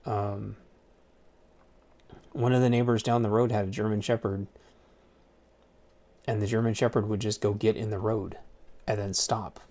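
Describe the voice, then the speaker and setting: A man with a slightly low voice talks in a loose, rambling rant. He swears freely and stumbles through repeated words and restarts, circling back to his points. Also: flat delivery, unhurried, pauses often, warm tone. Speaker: streamer. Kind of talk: casual rant.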